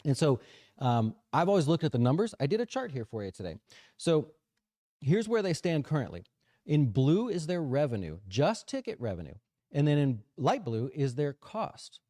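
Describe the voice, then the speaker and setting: A man talks through the markets in a loose, chatty way, his pitch swinging up and down as he goes. His voice sits mellow and dark. The sound is dry and close, with no room around it. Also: moderate pace, no room sound. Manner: chatty, animated, says "right?" often. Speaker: financial advisor show host. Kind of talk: casual market commentary.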